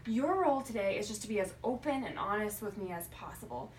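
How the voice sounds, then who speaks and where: A young woman playing a hospital social worker in a practice interview, speaking gently and carefully with frequent ums. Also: mid-range voice, expressive, fast talker. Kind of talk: practice interview role-play. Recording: roomy, distant mic with faint noise.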